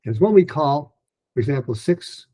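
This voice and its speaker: Male pronunciation teacher, husky, dark tone, relaxed and informal, demonstrating gestures. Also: on the high side, normal speed. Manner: relaxed, informal, with many fillers; gestures while explaining. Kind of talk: online lesson.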